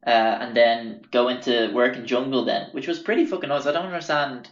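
Fairly quick and even in intonation, a medium-pitched young Irish man hosts a podcast full of casual stories. The recording is roomy, dull, and lo-fi, and his talk drifts along profanely with many fillers and self-corrections.

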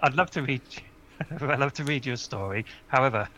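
A man's voice: mid-range voice, a little fast, pushed and bright. A man co-hosting a podcast, playful and blunt in casual chat, swearing freely. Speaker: podcast co-host.

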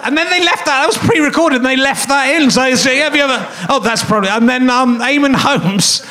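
A man's voice: extremely high pitch, fairly quick, bright, forceful tone. A man hosting a comedy podcast live on a theatre stage, rambling through self-mocking stand-up stories and chuckling at his own jokes. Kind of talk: live stand-up style monologue.

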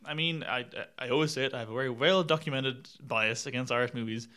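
A man's voice: medium pitch, fast talker, pushed and bright. Wry rambling man in casual chat. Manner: rambling, wry, laughs at his own jokes, swears. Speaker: podcast film reviewer.

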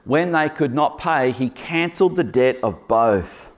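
A man preaching a lively sermon to a congregation in a church hall, teasing and joking with his listeners as he goes. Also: medium pitch, a little slow. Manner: playful, teasing asides to the congregation.

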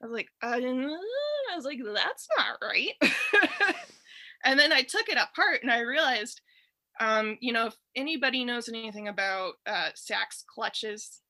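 A woman in her thirties from Detroit, her accent softened by years in the South. She tells a rambling story, laughing often, in a fairly high, bright voice recorded dry and close. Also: lively intonation, unhurried, dry recording. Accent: Detroit with a Southern tinge. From Detroit, USA. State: allergies, clearing throat. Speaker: guest storyteller. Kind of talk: casual chat. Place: in bed at home.

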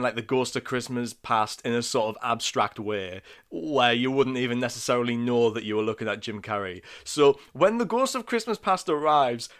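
A man co-hosting a casual film podcast, animated and quick to laugh. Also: medium pitch. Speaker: podcast co-host.

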